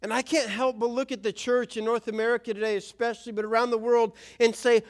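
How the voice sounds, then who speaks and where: A man's voice: extremely high pitch, flat delivery, fast talker, few pauses. A man preaching a conversational sermon as a pastor, acting out quoted voices.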